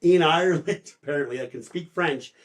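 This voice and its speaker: A man co-hosting a podcast, retelling a novel's plot in casual chat, full of "like" fillers and quick mock voices for the characters. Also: fairly high pitch. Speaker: podcast co-host. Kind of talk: casual book discussion.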